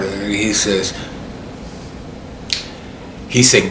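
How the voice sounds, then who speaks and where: A man's voice: fairly low pitch, slow pace, roomy sound, background noise. A man telling a personal story in a rambling way, often repeating himself.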